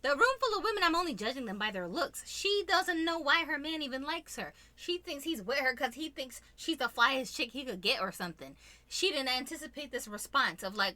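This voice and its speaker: A woman's voice: high voice, lively intonation, brisk, bright, forceful tone, dry recording. A woman co-hosting a casual commentary chat with her husband, blunt and opinionated, scolding viewers. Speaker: co-host.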